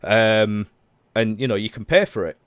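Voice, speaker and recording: A man in his thirties hosts a casual livestreamed podcast, chatting in a rambling way full of self-corrections. His lowish voice is smooth and steady at a normal speed, with no echo.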